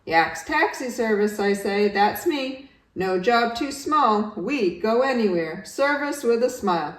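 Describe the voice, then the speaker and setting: Storybook yak taxi driver, nonstop chatterbox, high and loud, read by a woman, roomy and distant. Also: animated. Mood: chattering. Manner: rattles on fast, loud and high-pitched, barely pausing. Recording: roomy, distant home recording.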